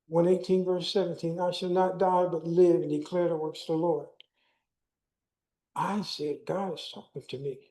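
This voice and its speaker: A man's voice: high-pitched, dark tone, low-quality recording. An older man giving a keynote talk, telling a personal story and acting out the dialogue. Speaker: keynote speaker. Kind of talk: personal testimony speech.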